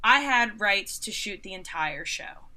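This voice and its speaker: Bright-voiced woman in her thirties telling sarcastic stories. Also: medium pitch, unhurried, a little hiss or hum. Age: 30s. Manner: animated, sarcastic, acts out other people's lines; frequent "like" fillers. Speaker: interview guest, concert photographer. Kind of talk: casual interview storytelling.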